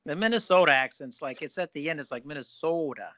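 A man's voice: fairly high pitch, animated, quick pace, bright, forceful tone. A man hosting a podcast, chatting casually, joking and riffing in long run-on thoughts. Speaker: podcast host. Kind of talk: casual interview chat.

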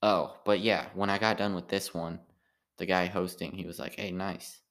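Tired, gravelly deep-voiced man rambling. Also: little pitch movement, fairly bright tone. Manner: meandering, halting, full of restarts and filler. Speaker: amateur stand-up comedian. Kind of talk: rambling casual monologue.

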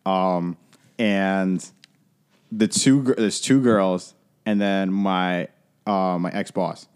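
Young guy, podcast co-host, lower voice, loose casual storyteller who swears and rambles with fillers. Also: steady tone, slow pace, darkish tone, clear, resonant tone. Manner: rambling, profane, lots of fillers and "like".

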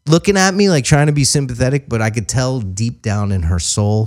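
A man in casual chat, telling a story in an animated way and swearing freely. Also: medium pitch, a little fast.

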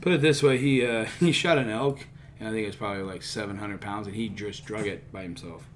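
A man's voice: fairly low pitch, a little fast, a little hiss or hum. A man in his thirties, an army veteran, telling war stories with lots of swearing in casual podcast chat. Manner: animated storyteller, swears a lot.

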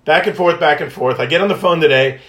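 A man hosting a podcast, telling stories in a casual, high-energy way, laughing often and acting out phone calls. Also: fast, a bit bright. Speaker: podcast host and wish granter. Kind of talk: casual storytelling monologue. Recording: echoey room.

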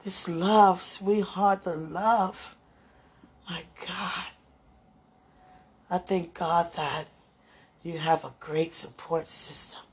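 A woman's voice: fairly low pitch, steady tone, very slow, long pauses, slightly rough. A woman speaking tenderly to her viewers in an emotional spiritual monologue, as if talking with God.

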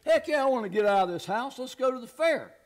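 Man playing an old farmer: high, folksy drawl, plainspoken. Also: lively intonation, fast. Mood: eager. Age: older. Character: plainspoken old male farmer, tight with money.

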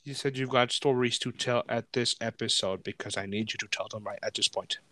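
A man's voice: mid-range voice, steady tone, brisk, bright, forceful tone, no echo. A man in his twenties hosting a podcast, telling a rambling story in casual chat, swearing often and filling with "like". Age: 20s. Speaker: podcast host.

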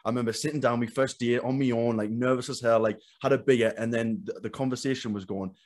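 A man hosts a casual chat and talks at a rapid clip. He is enthusiastic and swears freely. He restarts his sentences often as the words tumble out. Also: medium pitch, steady tone, a little mellow. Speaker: podcast host. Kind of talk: casual conversation.

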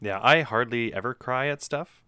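A man's voice: medium pitch, moderate pace, sharp tone, clear, resonant tone, dry recording. A man joking dryly in a casual conversation. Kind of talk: casual chat.

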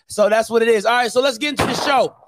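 A man's voice: very high-pitched, quick pace, a bit bright, no room sound. A man hosting a sports talk show, ranting casually with slang and repeating phrases for emphasis. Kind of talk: casual sports commentary rant.

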